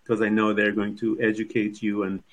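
A man's voice: on the low side, completely flat delivery, brisk, low-quality recording. A man interviewing a guest, giving encouraging responses and asking long, winding questions. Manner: warm, encouraging backchannels and long rambling questions.

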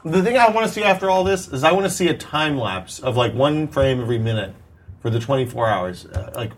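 Husky-voiced man teasing his co-hosts. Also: mid-range voice, animated, fairly quick. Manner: teasing, loose, eating while talking. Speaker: co-host. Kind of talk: casual chat.

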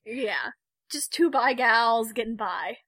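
A young woman co-hosting a casual podcast with a high, bright voice. She chats in an animated way and laughs often. The sound is dry and close. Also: takes it slowly, no echo. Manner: chatty, laughing, animated retelling. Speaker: podcast co-host.

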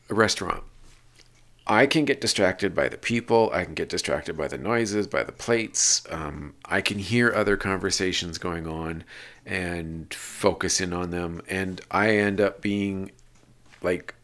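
A man's voice: sits low, a bit bright. A man hosting a podcast, reading lists from notes and then talking about his own experience with restarts and rambling asides. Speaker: podcast host. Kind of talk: reading notes, then casual personal talk.

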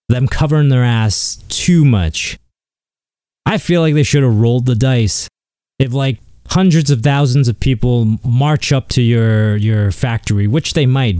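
A man's voice: medium pitch, warm tone, dry recording, clean studio sound. A man hosting a solo comedy show, ranting in a sarcastic, profane, mock-outraged way. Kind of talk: comedic rant.

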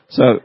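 A man in his thirties, a pastor, preaching a sermon and telling a childhood story in an animated way, laughing at himself. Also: dry recording, highs cut off.

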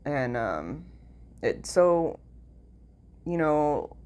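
A woman's voice: deep voice, sing-song, drawn-out words, a little mellow. A tired, sleep-deprived woman with a nasal voice, talking in a rambling casual vlog, full of "like" and "you know" and freely swearing. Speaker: vlogger.

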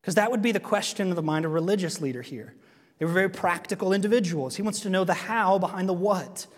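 Male pastor with a high voice, earnest sermon delivery full of questions to the congregation, recorded in a church hall with a long echo. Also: fast talker. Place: church sanctuary.

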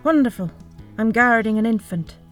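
A woman's voice: fairly high pitch, animated, normal speed, soft background music, voice pushed up, close to an everyday voice. A woman voicing an elegant, condescending magical guardian in an audiobook. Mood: haughty. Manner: patient yet condescending.

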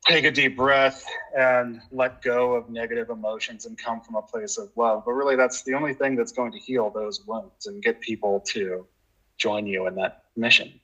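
Man, podcast guest, husky voice, earnest and reflective, measured talk. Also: medium pitch, level tone, pushed and bright, highs cut off. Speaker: podcast guest, nature educator. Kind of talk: casual interview chat.

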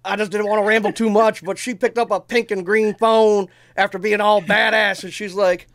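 A man's voice: sits high, brisk, hardly any pauses, dry recording. A man in his thirties co-hosting a casual chat, talking emphatically, swearing and telling stories with energy. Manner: emphatic, swearing, animated storytelling. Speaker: podcast co-host.

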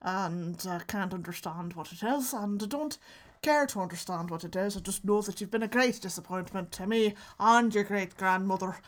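A woman voicing a disapproving elderly great-grandparent from Ulster in an exaggerated put-on Irish accent, speaking in a tight, small-mouthed monotone. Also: medium pitch, normal speed, natural voice. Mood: scolding.

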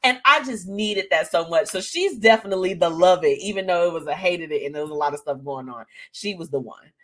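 A woman's voice: fairly low pitch, lively intonation, fairly quick. A woman hosting a live show, talking candidly and emotionally to her listeners and calling them y'all. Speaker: host.

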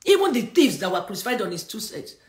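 A woman's voice: medium pitch, big pitch swings, fast talker, a little mellow, reverberant. A middle-aged woman preaching a sermon on a livestream, reading scripture and making emphatic points with laughter between them.

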